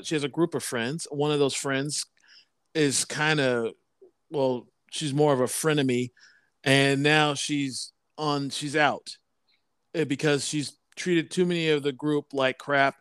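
A man in his thirties co-hosting a casual podcast, who talks in halting bursts and keeps repeating words and restarting his sentences. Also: on the high side, a bit bright, clean tone, no room sound. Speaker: podcast co-host.

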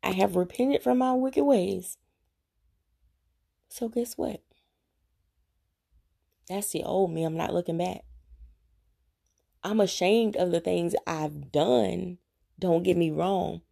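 A Christian vlogger shares her faith journey, addressing viewers directly in an earnest, preachy, confessional devotional talk. Her voice sits on the low side, gravelly yet mellow, and she speaks slowly with long pauses.

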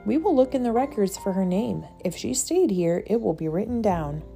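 A woman reading aloud, voicing a gentle, motherly woman who cares for young pilgrims, speaking kindly and soothingly. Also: mid-range voice, expressive, moderate pace, vocal fry, soft background music. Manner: kind, soothing.

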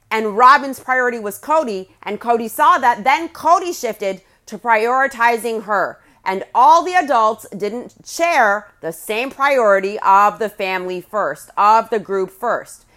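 A woman's voice: on the high side, sharp tone. A woman hosting a podcast, giving blunt, scornful recap commentary with crude put-downs. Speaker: podcast host.

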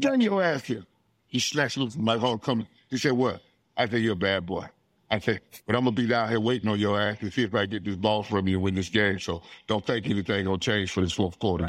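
Casual: middle-aged guy from florida telling stories loud and lively, acts out the back-and-forth, laughs a lot, dry close sound. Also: mid-range voice, no room sound. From Florida, USA. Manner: animated, acts out dialogue, laughs often. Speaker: interview guest, retired football player. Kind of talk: casual storytelling.

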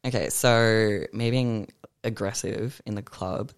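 A young man, chatting animatedly as a podcast guest, swearing freely and reading poems with slow force. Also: fairly low pitch, steady tone, clear, resonant tone, no room sound, clean studio sound. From Australia. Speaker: guest artist and poet. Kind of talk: casual podcast chat.

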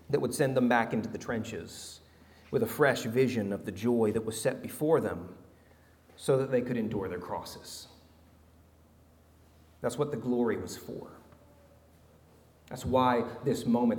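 A man preaching a sermon as pastor, animated and humorous, swinging from loud to hushed. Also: mid-range voice, in a large hall.

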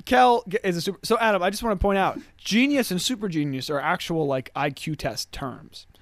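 A man's voice: high-pitched, no echo. A man co-hosting a podcast, chatting casually, joking and laughing often as he recaps a sitcom episode. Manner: jokey, laughs often, does quick character voices. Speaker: podcast co-host.

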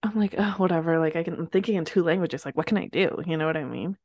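A woman co-hosting a casual podcast chat, talking quickly and expressively and laughing often. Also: low voice, darkish tone, no echo, highs cut off. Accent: slight Latina accent at times. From Latina, grew up bilingual in Spanish and English. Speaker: podcast co-host.

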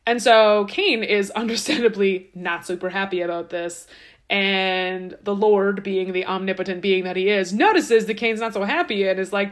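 A woman's voice: medium pitch, moderate pace. Woman podcaster telling a story, sarcastic and chatty, lots of asides. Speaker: podcast host. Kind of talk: casual irreverent storytelling.

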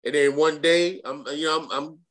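A man's voice: on the high side, fairly even intonation, moderate pace, fairly bright tone. Profane, rambling New man. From Brooklyn, New York. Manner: profane, rambling, with many restarts and slang. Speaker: guest rapper. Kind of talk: casual storytelling interview.

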